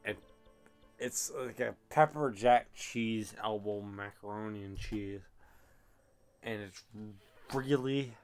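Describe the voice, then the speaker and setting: A man streaming a game while drunk, talking in a rambling, self-deprecating way, swearing and trailing off into quiet mumbles. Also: on the low side, slow pace, pauses often, clean tone, faint music behind. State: drunk, slurring. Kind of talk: casual gaming stream chat.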